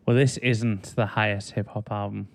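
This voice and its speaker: Man, podcast host, low and gravelly voice, easygoing chat that breaks off to read facts aloud. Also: little pitch movement, normal speed. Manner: reads facts aloud, laughs at clumsy wording. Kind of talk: casual chat.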